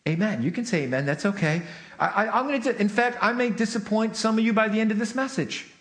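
A man's voice: high voice, fast talker, fairly bright tone. A male pastor preaching a sermon in a church sanctuary, talking to the congregation in a conversational way and calling for amens. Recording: echoey church hall.

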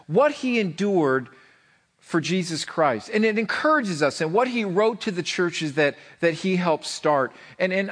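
High-voiced animated male pastor preaching. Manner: animated, repeats words when starting phrases. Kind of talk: sermon.

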